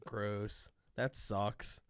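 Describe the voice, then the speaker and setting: A man's voice: on the low side, flat delivery, very slow, fairly bright tone. A man co-hosting a podcast, giving short casual reactions, laughing and swearing. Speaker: podcast co-host.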